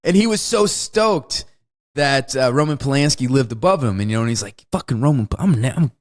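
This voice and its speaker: A man's voice: medium pitch, expressive, brisk. A man co-hosting a podcast in casual chat, rambling loosely and swearing freely. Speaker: podcast co-host.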